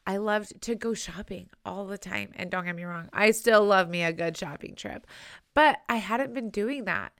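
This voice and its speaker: A woman's voice: mid-range voice, normal speed, a bit bright, dry recording. Chatty young woman podcast host, dry. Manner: earnest and chatty, with many likes and rights. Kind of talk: personal podcast monologue.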